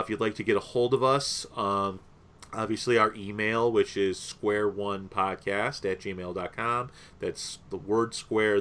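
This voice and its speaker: A man's voice: on the low side, a bit bright. A young man co-hosting a podcast in casual, rambling chat, with many fillers. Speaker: podcast co-host.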